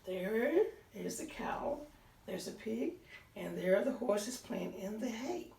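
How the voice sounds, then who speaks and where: A woman reading a picture book aloud to children, pausing to point out pictures and count along. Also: medium pitch, expressive, creaky, a little mellow, a little hiss or hum. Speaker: storytime reader. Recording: roomy sound, voice distant from the mic.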